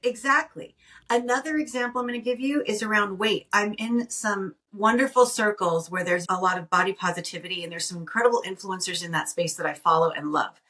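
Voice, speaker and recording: A woman's voice: mid-range voice, fairly quick, sharp tone. A woman co-hosting a podcast, telling stories animatedly and often restarting her sentences. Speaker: podcast co-host. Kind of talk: casual storytelling chat. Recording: voice heard from a distance off the mic.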